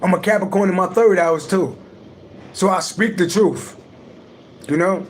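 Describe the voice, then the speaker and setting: With a high-pitched voice and a slightly slow delivery, a male livestream host who reads astrology talks casually but bluntly and emphatically, with lots of profanity. Slight background noise can be heard.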